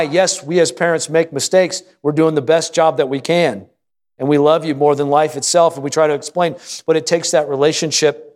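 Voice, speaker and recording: A man preaches to his congregation with a voice a little higher than most. He reads scripture aloud and pauses to draw spoken responses from the room. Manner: reads scripture aloud and acts out an anxious prayer. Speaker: pastor. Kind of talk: sermon.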